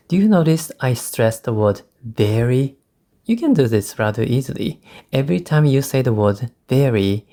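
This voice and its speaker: A Japanese man, speaking English as a second language, teaching exam speaking skills with slow, careful repetition. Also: mid-range voice, dark tone. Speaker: English test tutor. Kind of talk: spoken-English lesson with sample answers.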